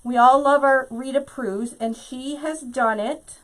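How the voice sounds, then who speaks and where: A woman's voice: high voice, steady tone, unhurried, rough recording. A woman hosting a live craft tutorial, chatting to her viewers directly and laughing often.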